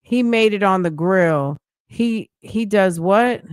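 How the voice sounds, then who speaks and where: Casting: woman, streamer host, sharp mocking reactions, dry close sound. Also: medium pitch, slow, clean tone, dry recording. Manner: blunt, mocking, talks back at the clip. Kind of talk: casual reaction commentary.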